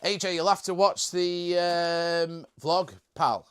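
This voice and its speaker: A man's voice: sits high, fairly even intonation, slow, fairly bright tone, smooth. A young man hosting a casual live stream, chatting in a jokey way and reading out viewer comments.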